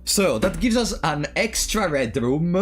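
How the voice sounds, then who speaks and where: A man with a fairly high, very lively voice works through a puzzle game out loud, musing, exclaiming and teasing his viewers. Faint game music plays underneath. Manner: thinking aloud, chatting with viewers, animated swings. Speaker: streamer. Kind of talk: casual let's-play commentary.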